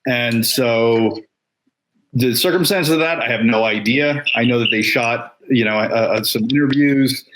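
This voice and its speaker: Guest guy on a radio show explaining stuff, measured and steady, mid pitch. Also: background noise. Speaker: guest, film producer. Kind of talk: radio interview answer.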